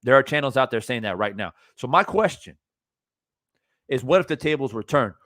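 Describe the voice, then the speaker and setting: A man's voice: medium pitch, animated, normal speed, fairly bright tone, dry recording, studio quality. A man ranting on a live stream, blunt and profane, hammering his points through repetition. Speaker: streamer reacting to boxing news. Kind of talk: live-stream reaction rant.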